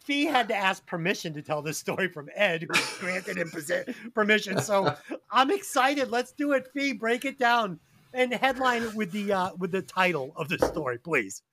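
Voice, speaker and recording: A man hosting a music podcast, telling stories in a joking, profane, animated way. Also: high-pitched, normal speed. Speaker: podcast host. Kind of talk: casual podcast chat.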